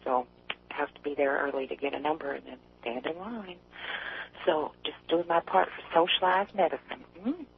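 A woman from East Tennessee calling into a radio show, chatty and rambling, quick to laugh. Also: sits low, creaky, husky. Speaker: caller. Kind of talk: casual call-in chat. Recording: tinny phone line.

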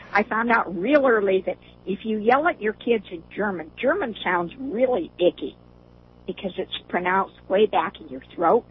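Here an older woman phones in to a show and talks in an easy, casual way, laughing often. Her mid-range voice is animated and measured in pace, with frequent pauses. The call sounds tinny, with a faint hiss.

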